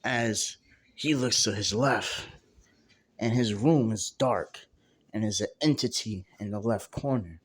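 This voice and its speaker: Slow-talking casual male storyteller. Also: fairly low pitch, husky. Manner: casual, repeats "as he's like". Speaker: fan storyteller. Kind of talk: casual improvised fan story narration.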